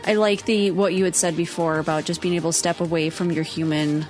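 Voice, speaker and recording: Woman co-host, supportive, adds clarifications, slightly low voice, faint music underneath. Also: steady tone, a little fast, a little mellow. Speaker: podcast co-host. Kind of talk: casual chat.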